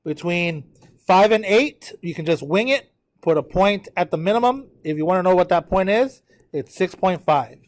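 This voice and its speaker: Tired male math teacher, high voice. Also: expressive, normal speed. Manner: checks in with students often. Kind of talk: live classroom lecture at a whiteboard.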